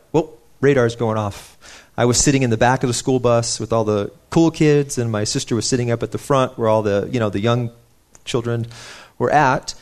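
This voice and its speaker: Young male preacher, earnest and conversational, mid-range voice, sermon delivery. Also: mid-range voice. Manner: earnest, conversational, with frequent restarts and personal stories.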